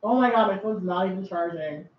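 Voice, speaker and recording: A woman's voice: medium pitch, brisk, slight background noise. A woman vents bluntly to her camera in a casual vlog and swears freely. She talks while she puts on her eyeliner. The audio is dull and lo-fi, like a home video. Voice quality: heavy swearing, exasperated and blunt. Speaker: vlogger.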